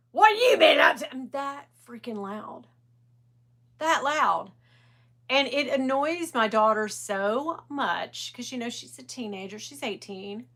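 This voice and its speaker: A chatty middle-aged woman rambles through a casual livestream, greeting viewers by name as she goes. Her voice is bright and a little high, and she talks in an animated way. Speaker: livestream host.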